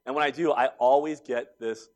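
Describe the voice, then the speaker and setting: A man's voice: medium pitch, fairly even intonation, normal speed, darkish tone. Conversational preacher man in his forties. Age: 40s. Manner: storytelling, conversational, builds to emphatic outbursts. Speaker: pastor. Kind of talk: sermon.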